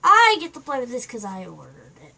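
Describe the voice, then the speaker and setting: A woman vlogging casually as she unboxes a puppet, playful and excitable, with some casual swearing. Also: sits high, a little fast. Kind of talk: casual goofy chat.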